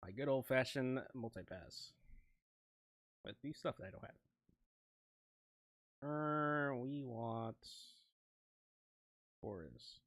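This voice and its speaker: A man's voice: medium pitch, lively intonation, slow, pauses often, fairly bright tone, no room sound, clean studio sound. A young man streaming himself making music, chatting casually, rambling and interrupting himself, often laughing. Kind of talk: casual live-stream talk while producing.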